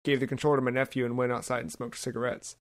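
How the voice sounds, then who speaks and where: A man's voice: medium pitch, flat delivery, rapid-fire, no echo, clean studio sound. A man co-hosting a podcast in casual chat, making wry, self-mocking asides. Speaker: podcast co-host.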